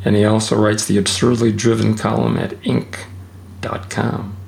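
A man's voice: on the low side, flat delivery, normal speed, gravelly, darkish tone. A middle-aged man hosting an interview, asking questions and paying easy compliments. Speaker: interview host. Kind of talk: casual interview chat.

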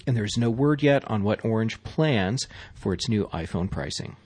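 A man's voice: on the low side, expressive, normal speed, a little mellow, breathy edge. A man from Missouri co-hosting a tech news podcast, reading stories plainly with joking asides. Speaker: podcast co-host.

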